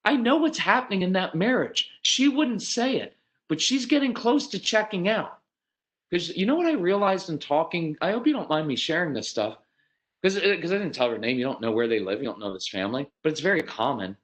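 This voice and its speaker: Man, fairly high voice, folksy and animated parenting-seminar speaker who coaches dads. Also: brisk. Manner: animated, acts out quoted parents with sudden pitch jumps; folksy, earnest, addresses dads directly.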